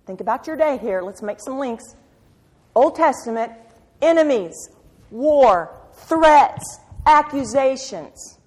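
A woman preaching a sermon with passion, firing rhetorical questions and swinging from loud to hushed. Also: sits high, lively intonation, takes it slowly. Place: church sanctuary. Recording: reverberant hall.

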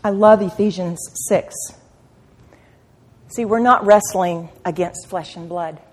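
A woman preaches an impassioned sermon at a women's meeting, swinging from quiet asides to loud cries and repeating phrases for emphasis. Her voice is fairly low and her pace slow, with long hall reverb on the recording.

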